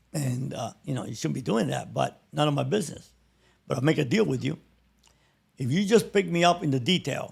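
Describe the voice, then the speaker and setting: Gravelly man telling animated stories. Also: on the high side. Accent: Cuban-American. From Cuba. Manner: animated, acts out the other people in his stories. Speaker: guest telling his life story. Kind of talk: casual storytelling.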